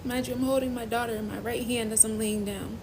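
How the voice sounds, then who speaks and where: A young woman hosting a faith-based phone live stream, giving an emotional personal testimony in a halting, earnest way, near tears. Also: on the high side, fairly even intonation, background noise. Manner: halting, earnest, trailing off and restarting.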